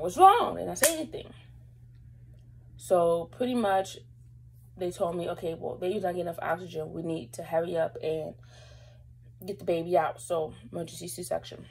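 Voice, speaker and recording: A young woman speaking straight to camera, her low voice husky with a gravelly edge. She tells a personal story in a loose, rambling way full of fillers and stays close to tears throughout. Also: darkish tone, rough recording. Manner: emotional, holding back tears. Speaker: vlogger.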